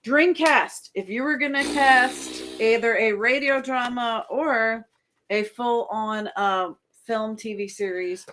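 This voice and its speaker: A woman co-hosting a casual livestream, an enthusiastic stage actor chiming in with quick suggestions. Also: on the high side, fairly bright tone.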